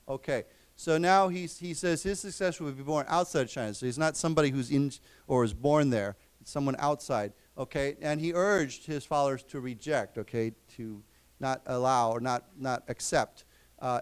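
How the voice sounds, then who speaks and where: A man teaching an English class, explaining words slowly and repeating them. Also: mid-range voice, clear, resonant tone. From United States. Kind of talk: lecture. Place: library lecture room.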